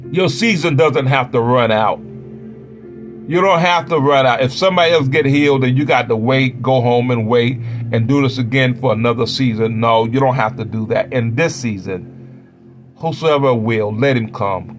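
A man preaching a sermon, chanting repeated phrases that build up into shouted peaks. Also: mid-range voice, normal speed. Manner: chanting repetition, rising to shouts. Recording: preaching over loud music.

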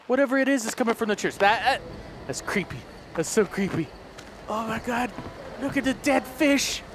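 A man's voice: extremely high pitch, expressive, moderate pace, noisy background. A man commenting on a horror game he plays, jumpy, swearing and shrieking when startled. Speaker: gaming video host. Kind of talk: let's play commentary. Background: horror game music.

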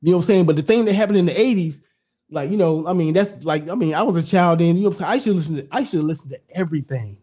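A man's voice: a little high, very fast, warm tone, slightly rough. A middle-aged man talking in a loose, rambling way, peppering everything with "you know what I'm saying" and blunt, profane remarks. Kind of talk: casual podcast chat.

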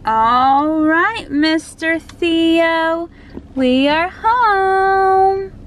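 A woman's voice: very high voice, drawn-out words, a little hiss or hum, rough recording. A woman vlogging at home, speaking tenderly to her children and laughing often. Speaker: vlogger, mother. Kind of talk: casual family vlog.

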